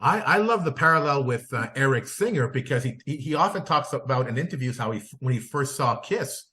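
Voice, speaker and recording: A man's voice: medium pitch, lively intonation, brisk, bright, forceful tone. A man hosting a podcast, asking interview questions enthusiastically, often restarting and repeating words. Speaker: podcast host.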